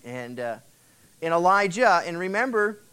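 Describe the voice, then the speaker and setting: A man's voice: high voice, very animated, moderate pace, bright, forceful tone, clean tone. A male pastor giving a casual, conversational sermon, retelling Bible stories and acting out the characters' words. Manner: acts out the characters' words in quotes.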